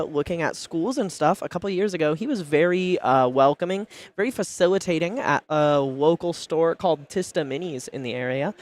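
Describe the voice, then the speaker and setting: High-voiced guy casting a card tournament, chatty, lots of ums. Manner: chatty, anecdotal, lots of fillers. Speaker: tournament commentator. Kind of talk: live card game commentary.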